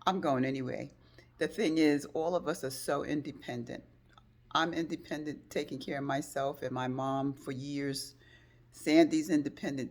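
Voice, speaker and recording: An older woman tells a personal story straight to the camera. Her voice sits low in pitch, and she leaps much higher when she re-enacts the phone calls, repeating herself as she speaks. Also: unhurried. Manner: emotional retelling, acts out phone calls in a high excited voice. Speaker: vlogger.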